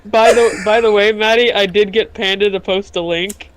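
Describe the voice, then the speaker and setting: A woman's voice: mid-range voice, steady tone, moderate pace, a little hiss or hum, rough recording. A woman chatting casually, joking about herself. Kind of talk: casual chat.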